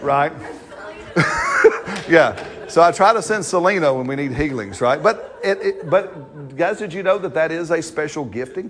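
A man's voice: on the high side, expressive, a little slow, a bit bright. A man, preaching a sermon as pastor, talking to the congregation in a conversational way and often checking in with "right?".

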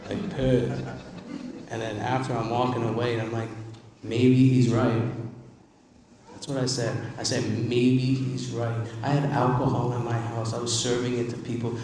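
A man's voice: medium pitch, level tone, a little fast, a little mellow, a little hiss or hum. Man, emphatic recovery-meeting speaker, testimony, distant mic, echoing hall. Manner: emphatic, conversational, repeats words for emphasis. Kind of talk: personal testimony speech. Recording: echoey hall, distant mic, faint ambience.

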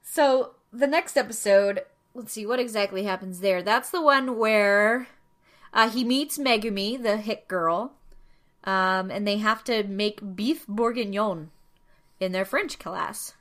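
Casting: bright, clear woman as a chatty host who rambles with lots of "um"s. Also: medium pitch, a little slow. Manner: chatty, explains at length with many fillers. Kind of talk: casual chat.

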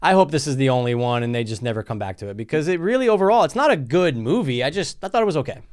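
A man co-hosting a casual film review podcast, talking in a relaxed, conversational way with some swearing. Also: a little high, rapid-fire. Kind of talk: casual chat.

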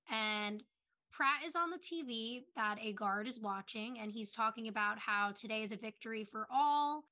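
A woman's voice: fairly high pitch, bright, forceful tone. A woman co-hosting a podcast, agreeing easily and chatting about a TV episode with casual "like" fillers. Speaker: podcast co-host. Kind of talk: casual TV rewatch discussion.

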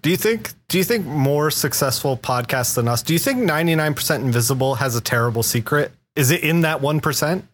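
A man's voice: a little high, lively intonation, a little fast, few pauses. A man co-hosting a comic book podcast, steering the talk and teasing his co-host with playful questions and laughter.

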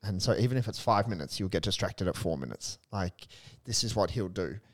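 A young adult male priest in casual faith discussion, earnest and animated, telling stories with a touch of humor. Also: sits low, a little fast. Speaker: Catholic priest, co-host.

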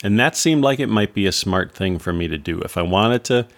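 A man's voice: fairly low pitch, lively intonation, fairly quick. A man from Wisconsin hosting a podcast, telling a wry, incredulous story about his past in a monologue. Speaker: podcast host.

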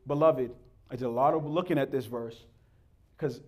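A man preaching a sermon to his congregation, who calls them "beloved" and acts out a stern grandmother's voice, swinging from loud exhortation to soft, low asides. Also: normal speed. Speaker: pastor.

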